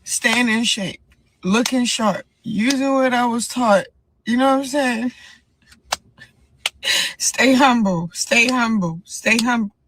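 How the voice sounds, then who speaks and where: A woman's voice: a little high, unhurried, background noise. A woman boxer talking earnestly in a vlog clip, rambling and repeating herself. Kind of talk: emotional vlog confession.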